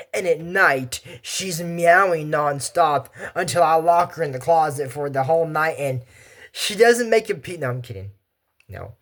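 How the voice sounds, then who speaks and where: Chatty guy rambling on. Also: fairly high pitch. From Texas. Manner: chatty, digressive, animated asides. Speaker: anime commentary host. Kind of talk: casual rambling commentary.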